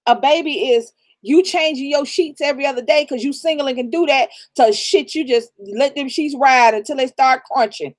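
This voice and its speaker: A woman's voice: sits high, moderate pace, hardly any pauses. A middle-aged woman raised in the American South, co-hosting a casual live stream and giving blunt, profane advice with laughter. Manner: blunt, profane, preachy real talk with laughter. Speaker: channel co-host.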